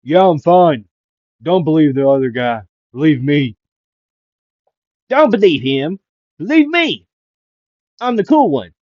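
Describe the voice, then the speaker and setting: Dude doing a loud unhinged villain guy fighting his other self, dull lo-fi mic. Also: mid-range voice, slow, no room sound, voice pushed up, close to an everyday voice. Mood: bickering. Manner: loud, strained, bickering with himself. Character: unstable male villain arguing with himself.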